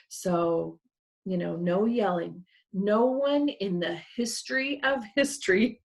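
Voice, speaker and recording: A woman's voice: mid-range voice, vocal fry. A middle-aged woman teaching parents in an earnest, conversational webinar, explaining with a hand model. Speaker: parent educator.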